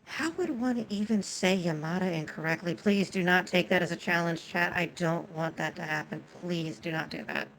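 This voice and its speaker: Gravelly low-voiced woman streamer. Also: normal speed, few pauses, a bit bright, a little hiss or hum, rough recording. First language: Japanese. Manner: chatty, swears, talks to chat. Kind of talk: casual game commentary.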